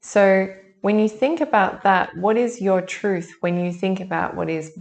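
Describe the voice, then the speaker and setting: A woman's voice: mid-range voice, unhurried, gravelly. A woman giving a casual monthly tarot reading, chatty and thinking aloud with many restarts. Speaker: tarot reader.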